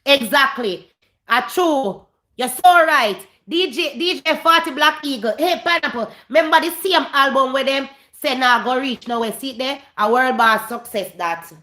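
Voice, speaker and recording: A Jamaican woman with a high, bright voice rants through a gossip commentary vlog, hammering her points by repeating them. She drifts between English and Patois. The sound is roomy and echoey. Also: expressive, normal speed. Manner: emphatic, repeats phrases, slips into Patois. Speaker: vlogger host.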